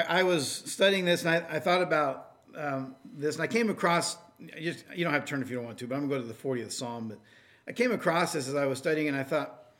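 A man's voice: fairly high pitch, a bit bright. Man preaching a conversational sermon. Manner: conversational, with many fillers and restarts; reads scripture aloud in a raised, emphatic voice.

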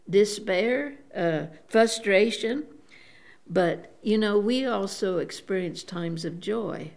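Slow-spoken elderly woman preaching. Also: mid-range voice, darkish tone. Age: older. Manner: unhurried and devout, with frequent "praise the Lord" and fillers. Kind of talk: sermon.

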